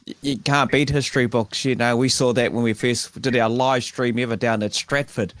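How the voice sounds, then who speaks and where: A New man co-hosts a casual live stream and works through a list of shout-outs to viewers. His voice sits at a middle pitch, recorded dry and close to the mic. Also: normal speed, no room sound. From New Zealand. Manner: reads out viewer shout-outs in a steady, friendly run. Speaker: co-host.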